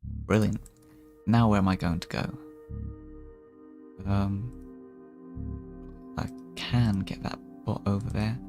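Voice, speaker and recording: A man with a low, gravelly voice chats his way through a strategy game as a VTuber persona. He rambles and often restarts his sentences. The delivery is loose and casual. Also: slow pace, long pauses, music in the background. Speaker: VTuber streamer. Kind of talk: casual gameplay commentary in character.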